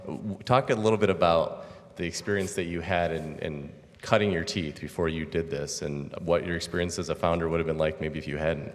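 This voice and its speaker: Low-voiced male moderator, reverberant hall. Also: steady tone, a little fast. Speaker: event host and moderator. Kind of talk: moderating an interview. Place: lecture hall with audience. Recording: echoey hall.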